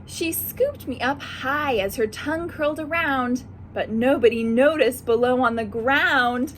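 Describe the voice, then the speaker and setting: A woman who is a children's librarian, reading a picture book aloud at storytime and quizzing young listeners in an animated, sing-song way. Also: sits high, a little slow, a little hiss or hum.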